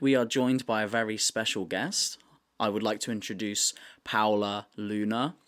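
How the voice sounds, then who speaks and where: A man's voice: on the low side, a bit bright. A man hosting a podcast in a playful, casual way, introducing a guest. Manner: playful, laughs easily. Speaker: podcast host.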